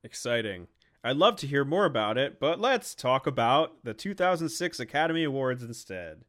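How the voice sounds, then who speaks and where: A man's voice: mid-range voice, very animated, moderate pace, fairly bright tone. A young man co-hosts a casual film podcast in an easy, mid-range voice. He talks in a joking, teasing way, full of sarcastic jabs at his co-host.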